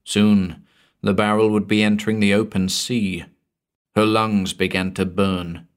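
Deep-voiced man narrating a horror tale. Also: level tone. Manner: measured, dramatic, drops to a hush at phrase ends. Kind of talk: scripted horror story narration.

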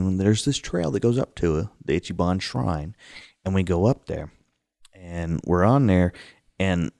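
A man casually telling a scary childhood campfire story, acting it out with sudden high outbursts. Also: creaky, no echo. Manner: animated, acts out the scares with sudden high outbursts. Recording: dry close sound.

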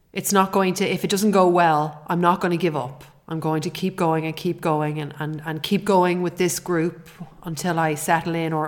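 A middle-aged woman hosting a podcast, talking in an earnest, heartfelt way with frequent restarts. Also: fairly low pitch. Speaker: podcast host. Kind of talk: personal podcast monologue.

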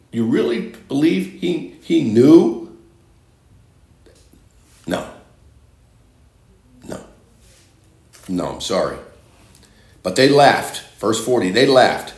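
A man's voice: mid-range voice, creaky. A man preaching a sermon, reading scripture and repeating phrases for emphasis. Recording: echoey room.

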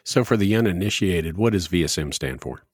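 Deep-voiced man hosting a podcast. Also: animated, brisk, husky, no echo, studio quality. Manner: easygoing, leads the discussion. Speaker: podcast host. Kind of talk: casual podcast chat.

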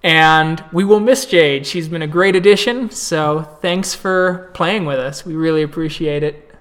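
A man's voice: fairly high pitch, unhurried, a bit bright. A man narrating a tabletop role-playing game as storyteller, describing the action in vivid, gory detail.

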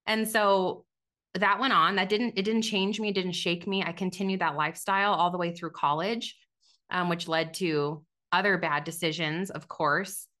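Woman in her thirties, podcast guest, candid testimony, bright forceful tone, slightly low pitch. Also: steady tone, normal speed. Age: 30s. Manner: candid, conversational, with many fillers and restarts. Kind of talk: personal testimony.

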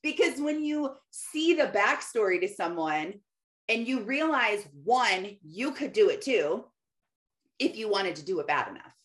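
A woman's voice: mid-range voice, lively intonation, a little slow, a bit bright. A woman in her thirties giving a casual, earnest faith-based encouragement talk, laughing often and quoting scripture. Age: 30s.

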